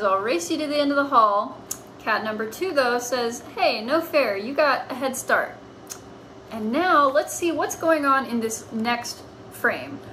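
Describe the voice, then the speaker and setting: A woman's voice: fairly high pitch, bright, forceful tone, a little hiss or hum, rough recording. A woman teaching a lesson on writing comics, explaining patiently as if to children.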